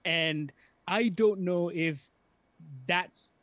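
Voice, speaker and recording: A man co-hosts a film podcast in casual discussion, his voice high and fairly bright, with no room sound. He talks earnestly and thoughtfully, building his points slowly.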